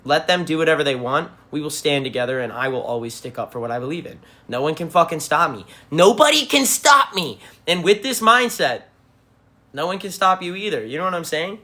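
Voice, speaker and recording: A man's voice: mid-range voice, bright, forceful tone. A man, a band frontman, answering viewers in a livestream Q&A, talking bluntly with lots of swearing and rambling restarts. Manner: blunt, profane and emphatic. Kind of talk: livestream Q&A chat. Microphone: phone livestream mic.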